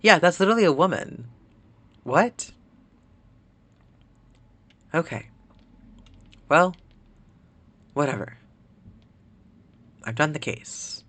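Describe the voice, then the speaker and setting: Streamer, casual gameplay commentary, chatty, rambling, bright sharp voice. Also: medium pitch, big pitch swings, slow, long pauses. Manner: chatty and rambling, heavy use of "like".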